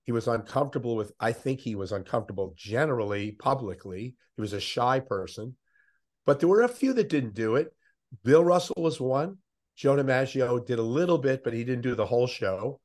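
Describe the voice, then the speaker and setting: Older man telling lively sports stories. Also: mid-range voice, brisk. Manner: animated anecdotes, puts on voices of others. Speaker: interview guest, veteran sports interviewer. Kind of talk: conversational storytelling.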